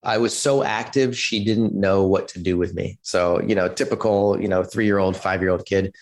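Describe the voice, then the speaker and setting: A man in his forties from California, telling his personal story as a podcast guest in an animated way, acting out quotes and using lots of fillers. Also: low voice, normal speed, gravelly. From California, USA. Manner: animated storyteller who acts out quotes, many "like" and "you know" fillers.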